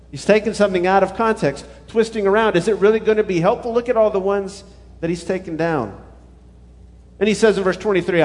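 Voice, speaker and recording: A man's voice: sits high, fairly quick, a little mellow, big-room sound. A male pastor preaching a sermon, retelling scripture in a conversational way. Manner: paraphrases scripture in conversational voices.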